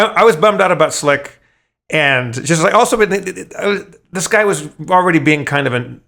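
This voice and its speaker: A man's voice: on the high side, bright, forceful tone. A man telling a long story in casual podcast chat, rambling with frequent stammered restarts and swearing. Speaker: podcast host.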